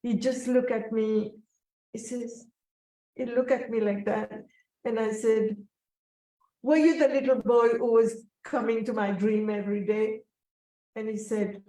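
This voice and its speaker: A woman telling a personal story in an interview, slow, reflective and emotional. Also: mid-range voice, mellow. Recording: echoey room, voice from a distance.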